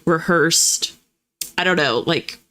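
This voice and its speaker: A young woman with a slight Southern US twang, hosting a livestream and chatting casually with viewers, laughing often and rattling off quick auctioneer-like spiels. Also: low-pitched, bright, forceful tone. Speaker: livestream host.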